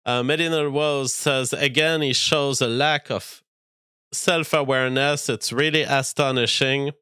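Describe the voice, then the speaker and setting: Smooth-voiced man giving blunt commentary. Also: medium pitch, steady tone, measured pace, bright, forceful tone, no echo, clean studio sound. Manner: talks over clips, reads viewer comments aloud, frank and argumentative. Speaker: streamer reacting to clips and reading chat. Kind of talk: opinionated commentary.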